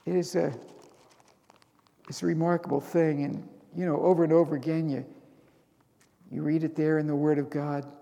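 A man preaching a sermon, who reads scripture aloud and rises to loud, emotional bursts. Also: a little high, flat delivery, moderate pace, creaky, pauses often, long reverb tail, muffled recording.

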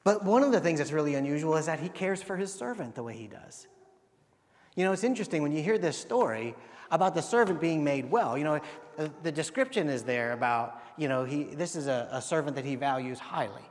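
High-voiced pastor preaching in an echoing hall. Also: male voice, expressive, brisk. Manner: conversational, asks rhetorical questions and acts out quotes. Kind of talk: sermon. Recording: long reverb of a large hall.

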